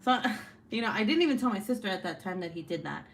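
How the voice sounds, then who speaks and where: A woman's voice: medium pitch, lively intonation, fast talker. A woman hosting a livestream, telling stories in a casual, chatty way, laughing often and swearing freely. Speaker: livestream host. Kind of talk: casual chat and storytelling.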